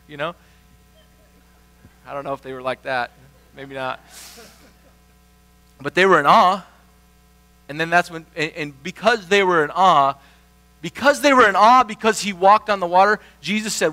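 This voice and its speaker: A middle-aged pastor with a high, ringing voice delivers a sermon. He wanders into folksy asides, then drives his point home with repeated, emphatic phrases. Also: normal speed, pauses often, sharp tone. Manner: rambling, folksy asides, building to emphatic repetition.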